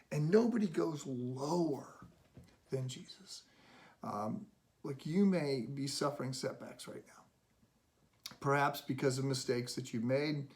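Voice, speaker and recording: A middle-aged male pastor giving an earnest, conversational devotional sermon, often restarting his words. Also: mid-range voice.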